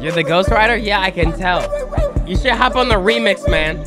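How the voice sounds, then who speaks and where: A man's voice: high voice, normal speed, loud music behind the voice. A man doing casual reaction commentary, incredulous and stumbling over his restarts. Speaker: reaction streamer.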